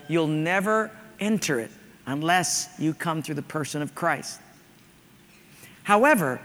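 A male pastor preaching in a high, bright, ringing voice, easy and conversational, weaving in stories. He is in a church sanctuary, and a long reverb trails his words around the hall. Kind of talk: sermon.

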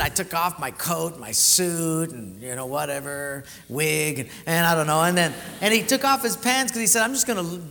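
A male pastor with a bright, forceful, slightly high voice, preaching and acting out the voices in his stories. His sermon rings through a large hall with a long reverb tail. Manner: animated storytelling, acts out quoted voices.

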